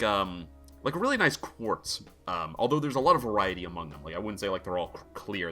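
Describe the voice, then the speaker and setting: A man's voice: lowish voice, pushed and bright. A man narrating a tabletop game as game master, talking casually with lots of filler words.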